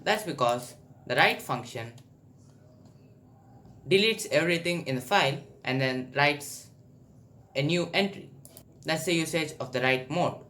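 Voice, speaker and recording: Slow, patient male coding tutor. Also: fairly high pitch, bright, forceful tone. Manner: patient step-by-step explaining, thinking aloud. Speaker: programming tutor. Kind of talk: screen-recorded coding tutorial. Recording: faint background noise.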